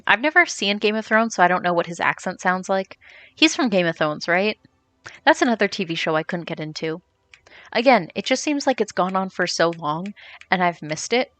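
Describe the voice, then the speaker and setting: A woman's voice: lowish voice, a bit bright, no room sound. Chatty young woman streamer, very dry sound. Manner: chatty, rambling, answers chat questions. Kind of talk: casual chat while gaming, reading chat.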